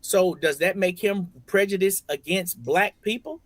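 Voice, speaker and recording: A man's voice: high voice, measured pace, fairly bright tone, no room sound. A man arguing as a guest on a panel, pushing back with repeated questions. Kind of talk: heated panel debate.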